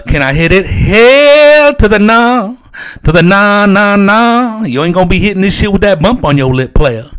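A man with a mid-range voice does a lightly acted improvised comedy monologue as a rambling, foul-mouthed stoner from Amarillo. He hosts in character and tacks "man" onto nearly every phrase.

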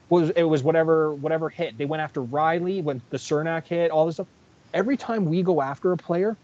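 A man's voice: a little high, a little mellow. A man co-hosting a casual sports podcast, ranting in a fired-up, profane way. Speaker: podcast co-host. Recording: dull lo-fi audio.

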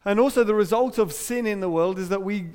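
A middle-aged English preacher delivers a sermon from the front of a church hall, his voice sitting a little high for a man. He keeps it conversational and jokey, leaning hard on the words he wants to land. The room carries a long reverb behind every phrase. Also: a little fast, a little mellow, clean tone. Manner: conversational, humorous, emphatic.

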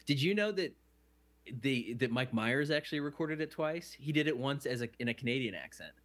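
A man's voice: medium pitch, expressive, brisk. A man co-hosting a casual podcast chat, rambling and often restarting his sentences. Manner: rambling, self-correcting, chatty. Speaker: podcast co-host.

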